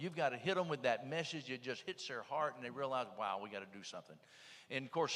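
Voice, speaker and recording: A man's voice: mid-range voice, fairly bright tone, long reverb tail. A man with a Southern US accent telling stories at a panel in a plainspoken, emphatic way. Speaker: panel speaker. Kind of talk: folksy storytelling.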